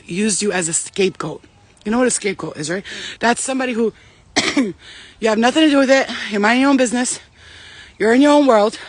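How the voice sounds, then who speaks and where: A woman's voice: medium pitch, no echo. A woman delivering a brash, confrontational spiritual rant, swearing heavily. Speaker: spiritual vlogger.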